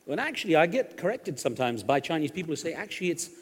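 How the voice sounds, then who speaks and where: Brief: middle-aged man, quick anecdotal storyteller, stage hall reverb. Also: a little high, big pitch swings, husky. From England. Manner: chatty, joke-telling storyteller. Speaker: guest journalist.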